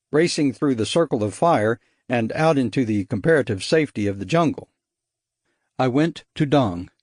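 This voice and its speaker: A man reads a first-person adventure audiobook at a middle pitch. His delivery is lively, and his pitch rises and falls freely. The recording is dry and close to the mic. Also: no room sound. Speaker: audiobook narrator. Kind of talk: scripted narration.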